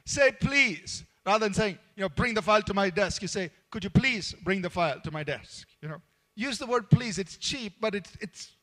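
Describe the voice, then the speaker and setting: A man's voice: high-pitched, pushed and bright. A man preaching in a conversational, earnest way, with frequent fillers and restarts. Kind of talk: sermon on workplace conduct.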